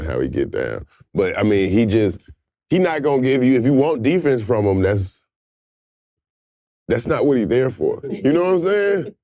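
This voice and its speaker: Dude riffing on a comedy show, laid-back mellow voice, dry close sound, cussing a lot. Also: male voice, extremely low pitch, no room sound. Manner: loose, profane, animated riffing.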